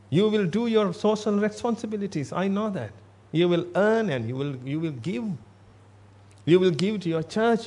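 A Buddhist monk gives a sermon bluntly and emphatically, repeating himself for stress. His voice is high, a little mellow, and breathy at the edges.

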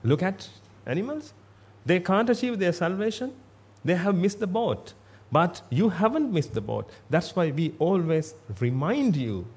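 A man's voice: high voice, big pitch swings, a little slow, a little mellow, breathy edge. A man giving a Buddhist sermon in a blunt, emphatic way, repeating himself for stress. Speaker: Buddhist monk.

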